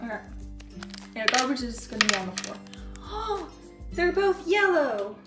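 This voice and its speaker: A woman chatters through a toy unboxing in a hyper, gushing way, her voice sitting high. The room around her rings with a roomy echo. Soft music plays faintly underneath. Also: sing-song, unhurried. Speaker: toy reviewer. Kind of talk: casual unboxing chat.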